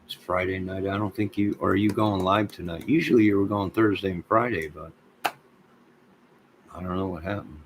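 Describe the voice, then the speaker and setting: A man hosting a livestream, rambling and joking in a deadpan way as he talks to viewers in chat. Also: deep voice, moderate pace, noisy background. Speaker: livestream host.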